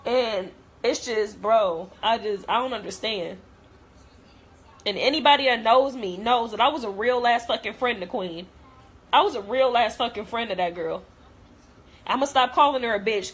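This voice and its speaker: A woman's voice: fairly high pitch, normal speed, fairly bright tone, husky. A young adult woman vlogger in a blunt, profane, hurt and heartfelt rant to camera.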